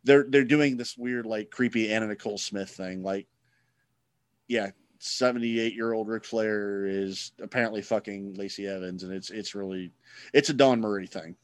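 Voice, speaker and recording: A man's voice: on the low side, normal speed, no room sound. A man hosting a casual podcast chat, rambling and sarcastic, swearing freely.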